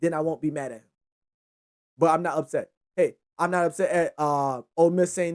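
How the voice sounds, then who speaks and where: A young man hosting a casual solo football recap, rambling and excitable, with frequent profanity. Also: fairly high pitch, a little fast. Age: young adult. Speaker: sports show host.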